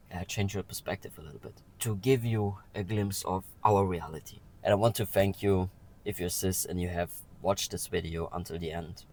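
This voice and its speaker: Earnest low-voiced man, vlogging. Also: darkish tone, a little hiss or hum, poor audio. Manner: earnest, heartfelt, often says "okay". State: emotional. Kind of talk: personal vlog to camera.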